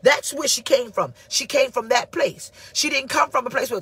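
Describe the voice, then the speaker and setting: A woman's voice: sits high, moderate pace, hardly any pauses, fairly bright tone, slightly rough. A woman pastor preaching a livestreamed sermon, fervent and emphatic, acting out the voices of people in her stories.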